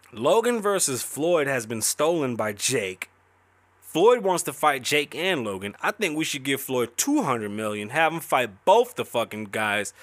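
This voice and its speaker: A man's voice: fairly high pitch, a bit bright, no room sound. A man hosting a podcast, ranting casually with lots of swearing and jumping from topic to topic. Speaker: podcast host. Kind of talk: casual profane podcast rant.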